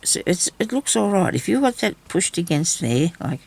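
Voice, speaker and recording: Aussie lady rambling thru her sewing vlog, husky kinda raspy voice, right up on the cam. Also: fairly low pitch, sing-song, moderate pace, a little mellow. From Australia. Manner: rambling, chatty, talks to herself while sewing. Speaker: craft vlogger. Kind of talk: casual crafting vlog chat. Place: indoor room at home. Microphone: camera mic, very close.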